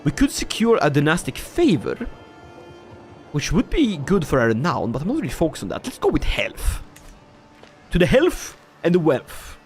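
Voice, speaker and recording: Brief: male game streamer from Sweden, somewhat high voice, very animated, laughs a lot, faint game music behind. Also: normal speed. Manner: animated, jokey, laughs often, talks to chat. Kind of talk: casual livestream game commentary.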